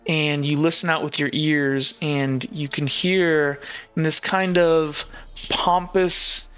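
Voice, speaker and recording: Casual male game master, bright, slightly high voice, dull lo-fi mic with faint music behind. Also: steady tone, takes it slowly, smooth. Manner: casual, many filler words. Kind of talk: narrating a tabletop game.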